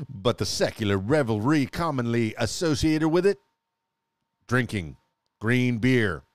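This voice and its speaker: A man's voice: mid-range voice, dry recording. A man hosting a casual solo podcast, chatty and playful, often laughing and restarting his words. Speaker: podcast host. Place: home studio.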